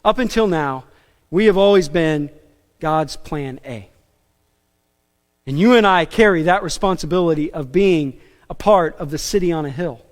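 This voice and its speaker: A man preaching a sermon as pastor, animated and emphatic, with casual asides and self-deprecating jokes. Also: fairly high pitch, normal speed, long pauses, long reverb tail. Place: church sanctuary.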